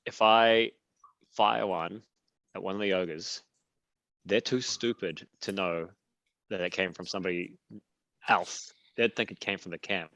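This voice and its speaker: Low-voiced male player with a playful, scheming manner, in character. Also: a little slow, long pauses, fairly bright tone, dry recording. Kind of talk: in-character tabletop planning.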